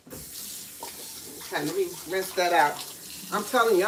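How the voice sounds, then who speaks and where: A woman's voice: lowish voice, slow, long pauses. A woman hosting a live cooking stream, chatting casually with viewers and laughing often. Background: clinking dishes and cutlery.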